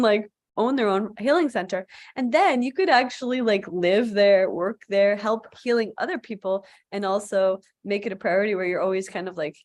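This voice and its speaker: A woman yoga teacher chats casually on a live stream, her words loose and full of "like". She sounds mid-pitched, in an ordinary everyday register, coming through a video-call mic. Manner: chatty, with frequent filler "like".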